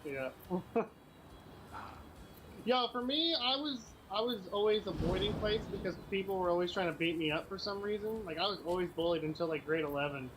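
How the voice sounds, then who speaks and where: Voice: medium pitch, moderate pace, noisy background. A streamer in casual chat who tells stories sarcastically and laughs a lot. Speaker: gaming streamer.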